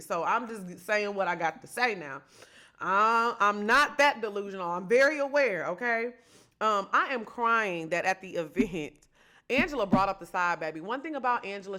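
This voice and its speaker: A woman with a medium-pitched, sharp-toned voice hosts her own podcast. On her own, she delivers chatty, sassy reality-TV gossip commentary, talking straight to her listeners.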